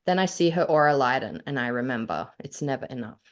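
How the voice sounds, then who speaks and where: An Australian woman with a notably low voice moves between lively chat and reading her own short fiction aloud. She laughs easily and grows emotional over her words. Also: quick pace. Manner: animated, laughs often, gets choked up. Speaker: podcast co-host and author.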